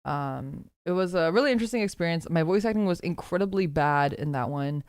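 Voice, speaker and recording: Woman, stream host, lively, rambling and self-deprecating, dry close-mic sound. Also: fairly low pitch, a little fast, clean tone, no room sound. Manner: rambling, filler-heavy, self-deprecating, swearing. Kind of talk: casual stream chat.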